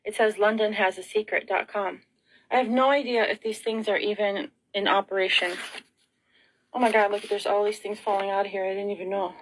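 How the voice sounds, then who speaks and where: A woman's voice: medium pitch, steady tone, a little fast, rough recording. A middle-aged woman vlogging in an emotional, rambling monologue, frazzled and tearful, sighing and asking rhetorical questions.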